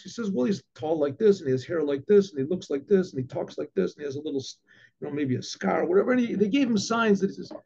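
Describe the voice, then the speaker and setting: A man with a high yet mellow, husky voice tells a story the way a rabbi would, acting out the dialogue with lots of asides and restarts. The recording sounds dull and lo-fi. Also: fast talker. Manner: animated, acts out the dialogue with many restarts and asides. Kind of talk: storytelling talk.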